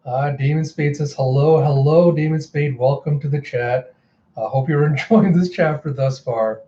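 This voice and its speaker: A man recapping a manga chapter for his channel, animated, jumping into character voices as he reads the lines out. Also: fairly high pitch, normal speed, highs cut off. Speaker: manga reaction host. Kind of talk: casual manga reaction, acting out lines.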